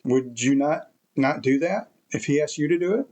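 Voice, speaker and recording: A man's voice: fairly high pitch, moderate pace, darkish tone. Rambling, emphatic man talking to camera. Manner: rambling, emphatic, repeats himself. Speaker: vlogger. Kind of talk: casual opinion monologue.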